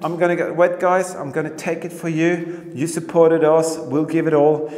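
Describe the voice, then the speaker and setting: Excitable man in an echoey bunker. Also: a little high, normal speed. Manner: excitable, exclaims and repeats himself. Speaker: history explorer vlogger. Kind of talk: excited exploration commentary. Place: underground bunker, indoors. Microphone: handheld camera mic. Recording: echoey bunker with long reverb, faint noise.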